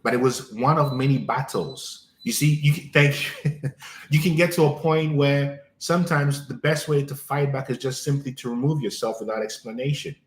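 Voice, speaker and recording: A man's voice: medium pitch, moderate pace, roomy sound. A man hosting a live coaching stream, talking emphatically to listeners and repeating his key phrases.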